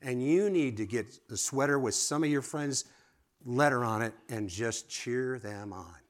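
A man delivers a sermon in an ordinary mid-pitched voice. He talks to his listeners like friends, quizzing them directly. His delivery rises to emphatic exclamations and sinks to hushed asides. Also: measured pace. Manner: lively, rising to exclamations and dropping to quiet asides; asks the audience direct questions. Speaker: preacher.

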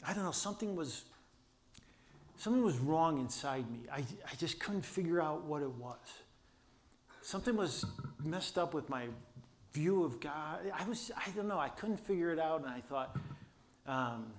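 Older male pastor, storytelling sermon, can't raise his voice, many restarts. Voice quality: limited vocal power from vocal cord damage. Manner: storytelling, earnest, with many restarts and quiet low asides.

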